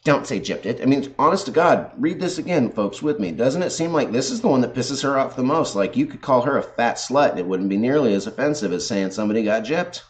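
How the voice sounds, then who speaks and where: A man's voice: medium pitch, lively intonation, fairly quick, few pauses. A man ranting on video, sarcastic and combative, swearing heavily as he argues. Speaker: video host. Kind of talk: profane ranting commentary.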